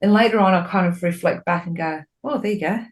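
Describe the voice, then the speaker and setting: Quick-paced and lowish in voice, this spiritual medium and podcast co-host chats casually with candor and expression. She curses freely and livens up when she recounts speaking with spirit.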